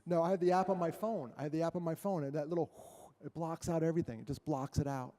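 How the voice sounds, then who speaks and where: A middle-aged man talks to an audience in a large hall, his voice echoing with a long tail. His tone is mellow and a bit high for a man. He tells stories in an animated way, acts out quotes and jokes with the crowd. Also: fast talker. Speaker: guest speaker. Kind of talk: motivational talk to an audience.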